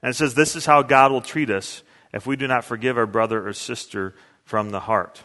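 A man's voice: medium pitch, fairly even intonation, a little fast, pushed and bright. Man preaching with hall reverb. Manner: earnest, conversational preaching with restarts. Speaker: pastor. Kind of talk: sermon.

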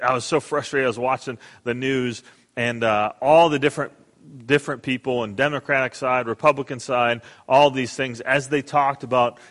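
A middle-aged man preaching a sermon as pastor, earnest and emphatic, dropping soft and quiet in prayer. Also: medium pitch, big-room sound.

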